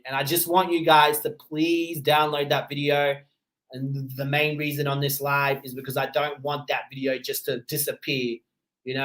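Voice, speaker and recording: Laid-back man with a mixed Australian accent. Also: mid-range voice. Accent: Australian, mixed with his parents' Seychellois English. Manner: relaxed and conversational, with easy laughs and frequent fillers. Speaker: livestream host. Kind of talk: casual livestream chat, reading and answering viewer comments.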